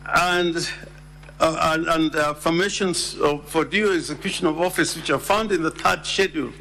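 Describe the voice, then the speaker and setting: A man, a lawyer, making a deliberate, emphatic formal legal argument in a senate chamber and repeating key words. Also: on the high side, fairly even intonation, gravelly, bright, forceful tone, long reverb tail, a little hiss or hum.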